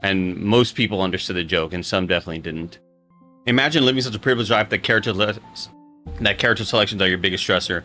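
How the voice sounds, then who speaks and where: A man's voice: low voice, fast, pushed and bright, soft background music. A young man streaming live, chatting casually with his audience in a rambling, joking way and swearing freely.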